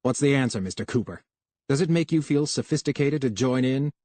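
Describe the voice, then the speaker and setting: A man's voice: mid-range voice, animated, a little fast, no room sound, lightly acted. Male narrator as a touchy, bitter young technician; dry, close audiobook read. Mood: angry. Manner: curt, sharp, bitter. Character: young male technician, proud, quick-tempered.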